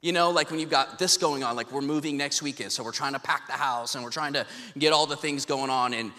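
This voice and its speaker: Joking pastor preaching in an echoey hall. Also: male voice, medium pitch, brisk. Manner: casual, joking, animated storytelling. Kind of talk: sermon. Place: church sanctuary. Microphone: handheld mic. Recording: echoey hall, long reverb.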